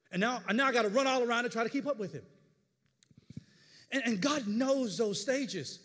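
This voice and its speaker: High-voiced pastor preaching in a reverberant hall. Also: male voice, moderate pace, pauses often. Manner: animated storytelling with stammered repeats. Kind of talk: sermon.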